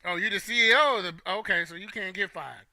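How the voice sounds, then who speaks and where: A man's voice: sits high, fast talker, bright, forceful tone, dry recording. A young man hosting a casual opinion talk, playful and joking with his chat. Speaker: host.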